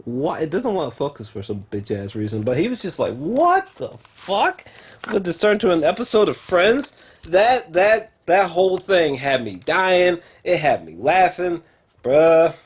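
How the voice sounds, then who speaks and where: A film and TV reviewer speaks straight to camera from home about a TV show, his fairly high voice breathy at the edges and moving at normal speed. He rambles excitably, swears freely, and uses lots of fillers.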